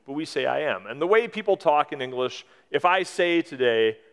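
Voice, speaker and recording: Man in his forties, pastor, sermon, smooth clear voice, long hall reverb, conversational and explanatory. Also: fairly high pitch, lively intonation, moderate pace, a bit bright. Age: 40s. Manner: explanatory, conversational preaching with emphatic rises.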